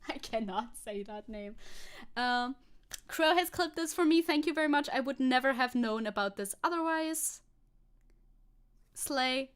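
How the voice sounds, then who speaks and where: A woman with a non-native accent chatting on a livestream at a desk mic, her fairly high voice swinging widely in pitch. She rambles, laughs at herself and restarts sentences often. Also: animated, measured pace, long pauses, clean tone. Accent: non-native English accent. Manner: rambling, self-mocking, frequent laughs and restarts. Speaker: VTuber streamer. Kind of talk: casual livestream chat reacting to a video.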